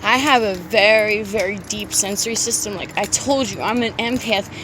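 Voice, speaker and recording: A woman walking outdoors through a city park, talking into her phone in a rambling, breathy, gushing way full of swearing and exclamations. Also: mid-range voice, normal speed. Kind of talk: rambling confessional monologue to an absent lover. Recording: outdoor street noise and traffic. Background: street ambience with passing vehicles.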